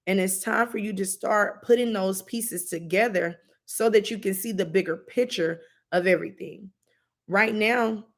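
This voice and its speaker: A woman doing a live-stream intuitive reading, talking casually with lots of fillers. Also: lowish voice. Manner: casual, rambling, filler-heavy. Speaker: intuitive reader.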